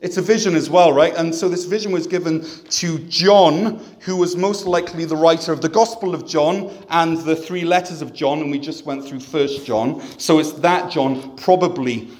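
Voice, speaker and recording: Chatty pastor, a bit high. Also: male voice, moderate pace, hardly any pauses, darkish tone. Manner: conversational and self-deprecating, with humor. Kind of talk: sermon.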